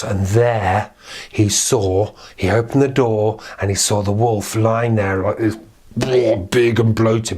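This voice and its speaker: Husky male children's storyteller. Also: lowish voice. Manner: animated, with sound effects and asides.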